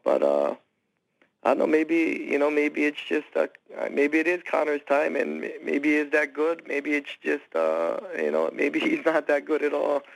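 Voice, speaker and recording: A man from Hawaii speaking as a guest on a phone interview, talking haltingly with many restarts and fillers. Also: on the high side, expressive, creaky, no room sound, low-quality recording. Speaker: guest fighter.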